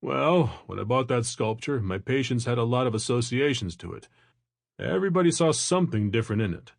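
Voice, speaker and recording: A man's voice: mid-range voice, lively intonation, brisk, creaky, no room sound, clean studio sound. A male narrator voicing an older therapist who stays unperturbed and good-humored. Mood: calm. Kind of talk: audiobook character voice.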